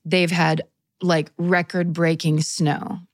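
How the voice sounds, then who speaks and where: A woman with a somewhat low voice reads a listener's letter aloud on a conversational podcast. She reads earnestly and at an even pace. The recording is dry and close. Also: slow, no room sound. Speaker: podcast co-host. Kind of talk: casual chat, reading listener stories.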